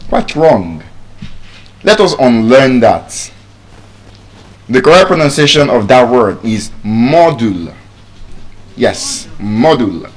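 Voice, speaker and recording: A man with a Nigerian English accent leads a live pronunciation class at an unhurried pace. His voice sits at a middle pitch. He drills words over and over with deliberate care. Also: big pitch swings. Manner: deliberate, drills words by repeating them slowly. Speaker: pronunciation teacher. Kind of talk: live public speaking lesson.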